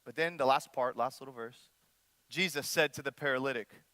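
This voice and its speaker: A young man preaching a sermon, animated, often acting out the voices of people in the story and speaking straight to the crowd. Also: medium pitch, brisk, no room sound. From United States. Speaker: young adult ministry pastor.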